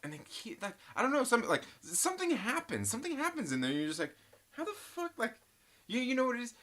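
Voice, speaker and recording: A man's voice: very high voice, wildly swooping pitch, quick pace, fairly bright tone. A man hosting a casual live stream, telling rambling stories full of swearing and frequent laughter, and reading chat comments aloud.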